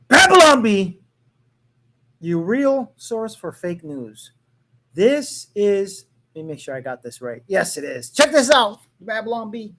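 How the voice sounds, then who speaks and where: A man's voice: sits high, fairly bright tone. A man hosting his own podcast, giving casual political commentary in a sarcastic, mocking way, swearing freely and tossing jokey asides into what he reads aloud. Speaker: podcast host.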